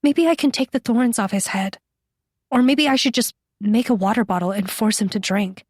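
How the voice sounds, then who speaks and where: A woman's voice: on the high side, normal speed, darkish tone, no room sound, studio quality, natural voice. A woman doing a bewildered, earnest teenage girl. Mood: concerned.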